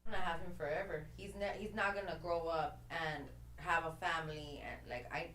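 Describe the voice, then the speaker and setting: A woman chatting casually on a live talk show, lively and slangy in her asides. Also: low voice, fairly quick, slight background noise. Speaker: talk show co-host or guest.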